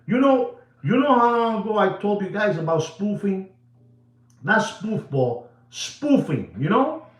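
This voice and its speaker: A watch-dealer host talks straight to his viewers in a casual monologue, hammering points home by repeating words and calling out to ladies and gentlemen. He is a native Spanish speaker, and his voice bounces around an echoey room. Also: high voice, animated. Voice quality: emphatic, repetitive, drawn-out phrasing.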